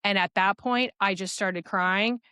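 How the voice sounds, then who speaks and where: Smooth-voiced woman telling her story. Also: medium pitch, sharp tone, no room sound, studio quality. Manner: rapid, earnest recounting with frequent fillers. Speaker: podcast guest. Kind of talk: personal storytelling in a podcast interview.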